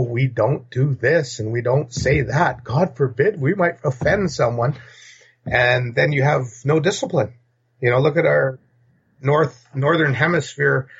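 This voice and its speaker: A man's voice: medium pitch, vocal fry, breathy edge. A man from North America, a podcast guest, talking in a blunt, rambling, opinionated way. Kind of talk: casual opinionated talk. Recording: dull lo-fi recording.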